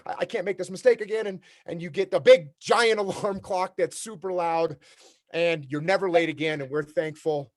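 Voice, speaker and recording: A man's voice: high voice, darkish tone. Blunt, direct man giving a keynote. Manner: direct, repetitive, acts out workplace dialogues. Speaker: keynote speaker. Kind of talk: leadership keynote talk. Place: remote talk for a virtual summit.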